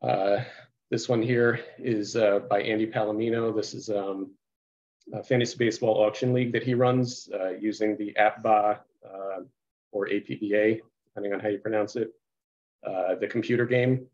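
A man presenting on a video call, halting and full of uhs and restarts, now and then muttering to himself. His voice sits fairly low. The call audio is a little dull. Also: fairly even intonation, a little mellow. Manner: halting, heavy with uh and restarts, sometimes mutters aside. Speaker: committee co-chair. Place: home office on a video call. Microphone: computer mic on a video call.

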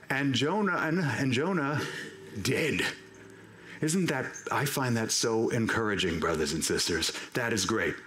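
Lively, animated male preacher. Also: on the high side, measured pace. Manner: animated, acts out quoted voices. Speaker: pastor. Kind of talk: sermon. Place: church sanctuary. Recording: roomy church echo.

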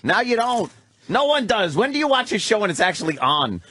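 Loud joking male radio host. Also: sits high, brisk. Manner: loud, mock-energetic, joking. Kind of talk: casual radio banter.

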